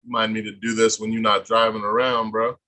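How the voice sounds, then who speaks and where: A man's voice: on the low side, little pitch movement, brisk, pushed and bright. A man hosting a casual podcast, reacting bluntly to a guest's story and swearing freely. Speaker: podcast host.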